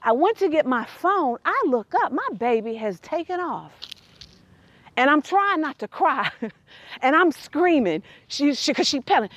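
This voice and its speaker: A woman telling a personal story that turns into a faith lesson, animated and quick to laugh. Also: fairly high pitch.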